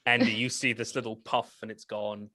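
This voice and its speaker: Low flat-voiced man running a game. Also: moderate pace, no echo. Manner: rambling, many fillers and restarts, laughs often. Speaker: game master. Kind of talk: narrating a tabletop game.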